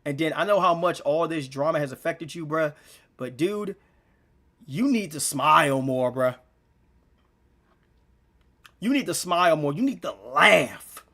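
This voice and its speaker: Brief: young male vlogger, high voice, rambling heartfelt monologue, on the edge of tears. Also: animated, measured pace, long pauses, bright, forceful tone. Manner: rambling, repeats himself, slangy. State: near tears. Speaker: gaming channel vlogger. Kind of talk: emotional unscripted monologue.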